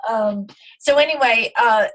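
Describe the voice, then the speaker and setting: A woman's voice: a little high, measured pace, fairly bright tone. Woman, middle-aged, interview guest, earnest, reflective, casual storytelling. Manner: earnest and reflective, with frequent fillers.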